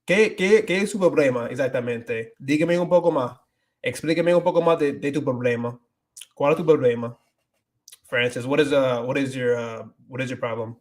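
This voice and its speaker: A man's voice: mid-range voice, brisk. Rambling man chatting on a livestream. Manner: rambling, many restarts and fillers, switches between English and Spanish; reads viewer comments aloud. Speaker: livestream host. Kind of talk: casual livestream chat.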